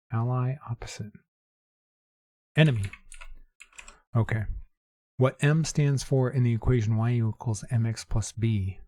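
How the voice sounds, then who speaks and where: A man's voice: mid-range voice, dark tone. Man thinking aloud over word puzzles. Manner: thinks aloud, muttering clues and working through puzzles. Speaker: gaming channel host. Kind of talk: casual puzzle-solving commentary.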